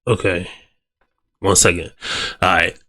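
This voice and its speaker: A man's voice: low voice, fairly even intonation, measured pace, bright, forceful tone, slightly rough. A young man with a cold, giving loose, slangy reaction commentary straight to his viewers. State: sick with a cold. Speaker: video reactor.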